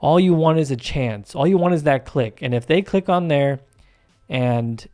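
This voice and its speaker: Warm in tone, somewhat high, and at a normal speed, a male YouTube host chats over gameplay without appearing on camera. He's emphatic and rambling, with lots of fillers and restarts, speaking into a home voice-over mic.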